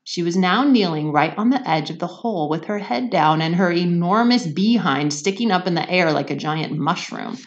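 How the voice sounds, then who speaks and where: A woman teacher reading a children's novel aloud, expressive and pausing to explain words to her listeners. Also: fairly low pitch, muffled recording.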